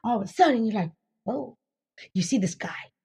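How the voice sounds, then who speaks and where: High, lively-voiced woman dating coach. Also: normal speed, creaky, husky. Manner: emphatic, repeats herself, acts out quoted voices; swears casually. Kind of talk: animated teaching with acted-out stories.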